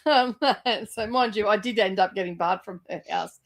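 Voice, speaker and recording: A woman's voice: mid-range voice, moderate pace. A woman, telling stories in casual chat as a host, swearing freely and laughing as she talks. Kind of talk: casual livestream storytelling.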